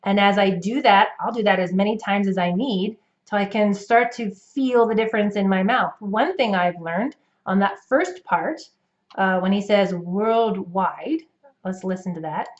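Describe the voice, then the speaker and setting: A woman's voice: medium pitch, moderate pace, few pauses. Accent coach, woman, North American English, patient demonstrative delivery, slightly dull recording. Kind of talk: instructional explanation to camera.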